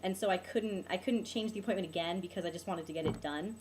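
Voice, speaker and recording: Against a noisy background, a young vlogger with a lowish voice talks fast about the bad weekend she had. She sounds exasperated as she vents, saying "like" and "um" a lot.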